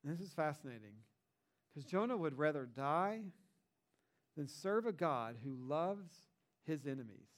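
In an unhurried sermon full of frequent pauses, a middle-aged pastor with a high voice retells a story, keeping things conversational while stressing key points with lively emphasis.

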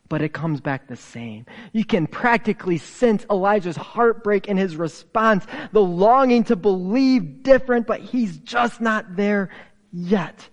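A man with a high voice preaches a sermon at an unhurried, deliberate pace, pausing often. He swings from raised, stressed phrases down to near-whispers. His voice carries a long reverb, as if in a large church sanctuary. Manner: dramatic swings from raised emphasis to hushed whispers; slow, deliberate delivery with pauses. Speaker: pastor.

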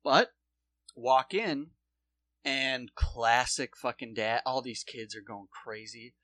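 A man with a bright, forceful voice tells rambling stories in a casual chat, swearing freely and acting out what people said. The sound is close and dry, with no room around it. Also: medium pitch, slow, no echo. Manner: profane, rambling anecdotes with acted-out quotes.

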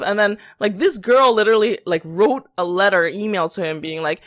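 A woman's voice: medium pitch, fairly quick, hardly any pauses. A young woman co-hosting a casual podcast, telling stories full of "like" and acting out what other people said. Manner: chatty storyteller, lots of "like", acts out quotes, laughs often. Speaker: podcast co-host.

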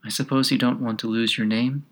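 A man reading aloud, voicing a small melancholy talking gnat with a soft, sighing, drawn-out delivery. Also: medium pitch, fairly even intonation, close to an everyday voice. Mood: wistful. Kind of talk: audiobook character reading.

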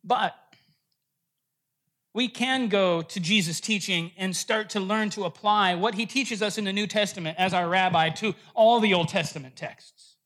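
Male pastor, high bright voice, playful storyteller in the pulpit, earnest when teaching. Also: moderate pace. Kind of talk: sermon with a told joke.

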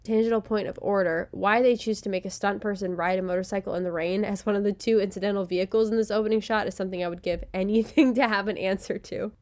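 A woman reads her own review script with a dry, sarcastic edge. She laughs often and restarts lines when she fumbles a word. Her voice sits at an ordinary middle pitch. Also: steady tone, quick pace, hardly any pauses, darkish tone. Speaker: podcast host reading a review script. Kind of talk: casual recorded commentary read from a script.

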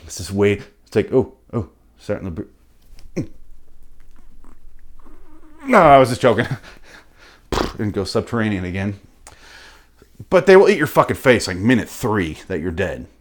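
A man's voice: on the low side, normal speed, pauses often. Profane rambling comic man. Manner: profane, riffing, animated with sudden loud bursts. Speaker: comedian host.

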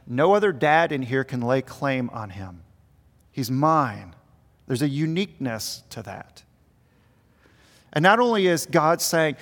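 A middle-aged man, a pastor, preaching a sermon with earnest emphasis that swells and then drops quiet. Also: fairly high pitch, animated, normal speed. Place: large church sanctuary. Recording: long reverb of a large hall.

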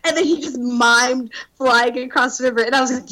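A young woman with a slightly high voice tells a story in casual podcast chat. She is animated, swears a lot and keeps laughing mid-sentence. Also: a little fast, low-quality recording. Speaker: podcast co-host telling a dating story.

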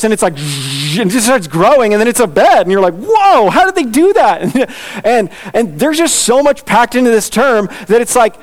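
A man preaching a conversational sermon, animated and chatty, often laughing as he explains. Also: high-pitched. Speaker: pastor.

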